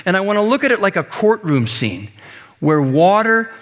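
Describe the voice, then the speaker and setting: A male pastor giving a conversational, animated sermon with frequent restarts and asides. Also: sits high, moderate pace. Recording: echoey hall reverb.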